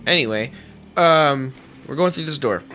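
A man hosting a let's play, giving excitable, joking gameplay commentary and swearing often. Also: fairly high pitch, unhurried, slight background noise. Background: game music.

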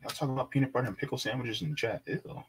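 A man's voice: medium pitch, rapid-fire, slightly rough. A man hosting a casual livestream, chatting with viewers, reading web pages aloud and laughing easily. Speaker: livestream host.

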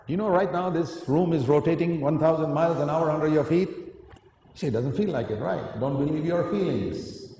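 A man preaches a sermon earnestly and emphatically, often putting questions to his listeners. His voice is a little high and warm, fairly quick, and the large hall gives an echo with faint noise.

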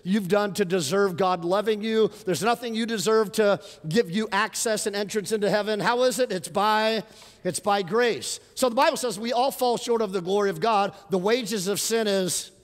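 A middle-aged male pastor preaches at a moderate pace in a slightly high voice, animated and storytelling as he builds to emphatic lines. A long reverb from the large church hall makes his voice ring out.

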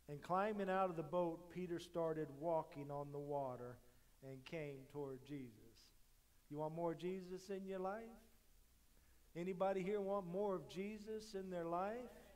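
A male pastor delivering a sermon in a fairly high voice. He surges to loud, emphatic peaks and then drops to soft, intimate asides, often doubling back on a word as he restarts a phrase. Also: a little slow. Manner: dynamic, swinging between loud emphatic lines and quiet intimate asides; repeats words as he restarts phrases.

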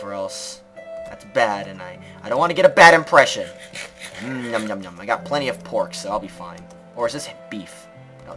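A man giving let's play commentary, rambling to himself and the game with sudden loud outbursts. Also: mid-range voice. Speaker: gaming video creator.

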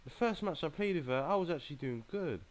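Young man, casual gaming commentary, exasperated, excitable reactions, slangy. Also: fairly high pitch, quick pace. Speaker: gaming channel host. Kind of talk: mobile game commentary.

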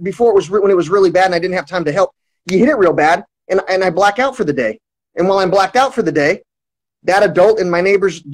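A man's voice: sits high, rough recording. A man talking to his livestream viewers in a long, rambling monologue, full of restarts and swearing. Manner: repetitive restarts, heavy swearing.

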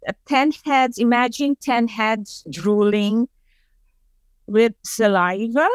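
A woman's voice: a little high, takes it slowly, smooth, dry recording. A woman with a Filipino accent giving a webinar presentation, telling stories and leading the audience in call-and-response syllables. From Philippines.

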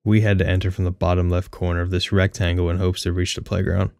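A man's voice: sits low, flat delivery, quick pace, vocal fry, darkish tone, no room sound, studio quality. A young man reading his own first-person short story aloud, with a wry, candid, casually profane manner. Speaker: audiobook narrator.

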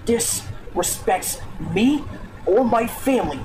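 Eastern Canadian man, high-pitched for a guy, repeating profane threats, heard through a noisy old webcam recording. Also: animated, slow pace, a little mellow. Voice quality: odd-sounding voice. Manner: profane, repetitive, menacing. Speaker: video maker in an old clip. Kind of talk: angry threatening webcam rant.

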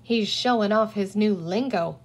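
A woman reading a storybook aloud and voicing a gossipy man who mutters confiding asides in a low voice. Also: unhurried.

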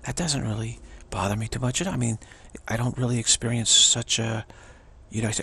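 A man giving an earnest spiritual pep talk as a teacher, halting and repeating himself as he goes. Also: mid-range voice, gravelly, fairly bright tone, slight background noise. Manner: earnest, repetitive, halting with restarts.

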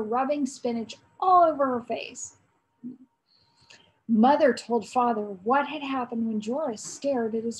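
Brief: an aunt reading a children's chapter book aloud, high bright voice, storytelling pace. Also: female voice, rough recording. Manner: storytelling, pausing to quiz listeners.

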